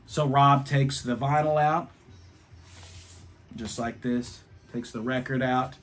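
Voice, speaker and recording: Rambling, excitable man telling a story. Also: medium pitch, slow pace, long pauses, soft background music. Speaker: album reviewer. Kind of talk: casual storytelling vlog.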